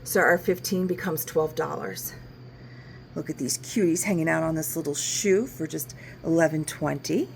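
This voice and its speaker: Walking casually through her large antique shop indoors, a woman shows items for sale, chats about them and works out discounts aloud. Her voice sits low and is creaky, at a normal speed, with a little hiss or hum in the recording.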